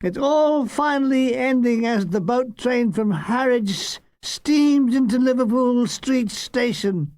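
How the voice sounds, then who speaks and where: A man's voice: very high voice, animated, takes it slowly, few pauses, darkish tone, no echo. An older man narrating his own war memoir as an audiobook, with dry, wry comic timing. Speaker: author reading his memoir.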